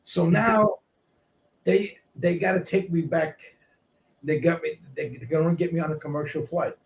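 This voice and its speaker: A man telling stories casually, profane and animated, moving between shouting and murmuring. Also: on the high side, normal speed. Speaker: guest storyteller. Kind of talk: casual storytelling. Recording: distant mic with faint noise.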